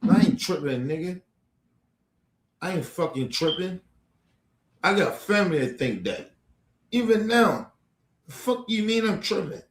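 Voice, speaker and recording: Guy ranting mad and cursing nonstop, kinda high voice, roomy echo. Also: very animated, measured pace, long pauses, a little hiss or hum. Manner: profane, heated, threatening, repetitive. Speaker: livestream host. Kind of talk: angry ranting monologue. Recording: echoey room.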